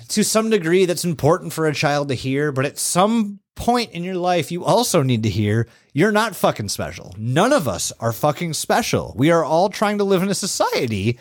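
Male podcast co-host, lively pitch, swears a lot, dry close sound. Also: normal speed, no echo. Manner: profane, animated storytelling. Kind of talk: casual podcast chat.

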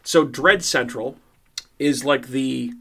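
Bright-voiced man hosting casual horror podcast. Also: medium pitch, takes it slowly, gravelly. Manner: loose, swearing, laughing banter. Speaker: podcast co-host. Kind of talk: casual chat.

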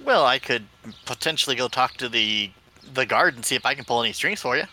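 A man's voice: medium pitch, expressive, fairly quick, pushed and bright, a little hiss or hum. A man playing a tabletop role-playing game, talking casually and a little hesitantly. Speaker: player.

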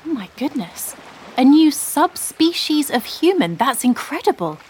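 A woman's voice: high voice, big pitch swings, a little slow, slight background noise. Fields: woman doing a chirpy TV newsreader. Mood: newsy. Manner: bright newsreader delivery. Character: upbeat female TV news presenter. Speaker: comedy sketch performer. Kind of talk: sketch comedy playing a TV news presenter.

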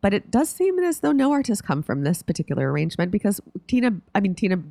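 Woman podcast co-host, animated pitch, gushing and playful, dry close sound. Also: fast talker, creaky, no echo. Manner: gushing, playful, laughs often. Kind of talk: casual chat recapping a TV episode.

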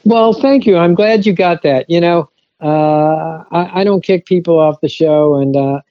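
A man being interviewed on a radio show as a guest and barbecue TV host, speaking haltingly with many fillers and pauses. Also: fairly high pitch, no echo, highs cut off.

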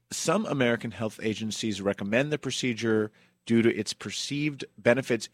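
A man's voice: lowish voice, no echo, studio quality. Chatty man hosting a podcast. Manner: chatty, with asides and fillers. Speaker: podcast host. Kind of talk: casual podcast storytelling.

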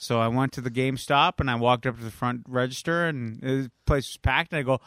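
A man co-hosting a podcast in a casual chat, rambling through a laid-back story. His voice is bright with a forceful edge, and the recording is close and dry. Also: mid-range voice, animated, fairly quick, no room sound. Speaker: podcast co-host.

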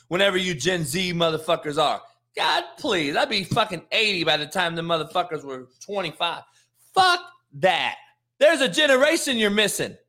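A middle-aged man runs a live sports show and goes off in a profane, mocking rant. His voice sits high and swings wildly in pitch. He laughs between his lines, and his tone is bright and forceful.

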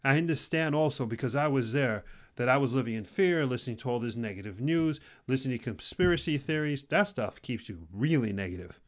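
A man giving an intense motivational talk, repeating phrases for emphasis and swinging between loud urging and quiet, low intensity. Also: lively intonation, fairly quick, few pauses. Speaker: career motivational speaker.

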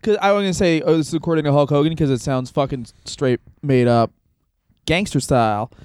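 A man's voice: on the high side, brisk, a little mellow, clear, resonant tone, dry recording. Profane joking man on a podcast. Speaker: podcast co-host. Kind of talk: casual comedic chat.

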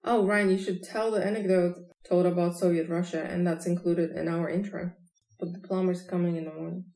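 Gravelly woman with a low voice in an echoey room. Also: level tone, brisk, warm tone. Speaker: podcast host. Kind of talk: casual chat, telling jokes.

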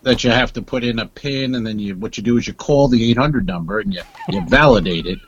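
A man's voice: medium pitch, breathy edge, lo-fi sound. A male comedian co-hosting a podcast in casual chat, rambling and restarting his sentences. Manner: rambling, halting delivery with restarts.

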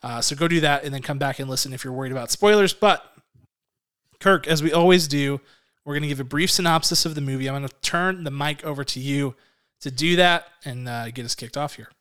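A man's voice: fairly high pitch, brisk, a bit bright, clean tone. A man in his thirties co-hosting a podcast in casual chat, chatty and self-deprecating, laughing often. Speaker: podcast co-host.

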